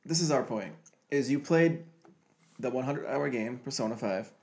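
A man's voice: mid-range voice, moderate pace, a little mellow, slight background noise. Guy ribbing his buddy on a gaming podcast, wry and teasing. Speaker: podcast co-host. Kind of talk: casual chat.

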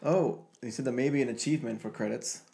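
A man's voice: medium pitch, fast talker, gravelly, warm tone. A man co-hosting a casual gaming podcast, teasing his friend with wry questions. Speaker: podcast co-host. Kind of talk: casual chat.

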